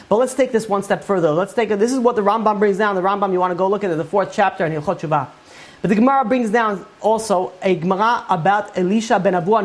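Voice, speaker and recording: A woman with a medium-pitched voice gives a Torah lecture, telling stories in a lively way full of fillers and restarts.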